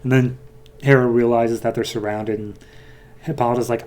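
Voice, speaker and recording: A man hosting a podcast, casually retelling a comic's plot with many fillers and quick quoted lines. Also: medium pitch, level tone, darkish tone. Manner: loose, filler-heavy retelling, voicing characters lightly. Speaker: podcast host.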